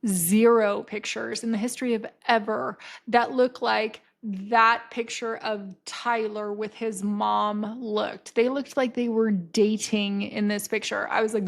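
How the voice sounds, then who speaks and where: A young adult woman hosting her podcast, telling a personal story in a casual, animated way, swearing freely and acting out the lines of the people in it. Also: medium pitch, slow, creaky. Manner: animated, swears freely, acts out quoted dialogue. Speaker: podcast host.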